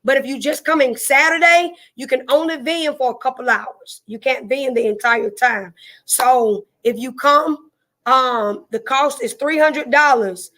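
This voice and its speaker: This live stream host talks with a Southern drawl in a high, slightly bright voice, going a little slow. She chats folksily with her viewers, repeats herself, and welcomes them by name.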